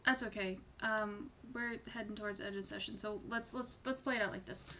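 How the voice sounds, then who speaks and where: A woman's voice: mid-range voice, fairly even intonation, brisk, bright, forceful tone, a little hiss or hum. A woman narrating as game master in an online tabletop game. She describes scenes informally and swears casually.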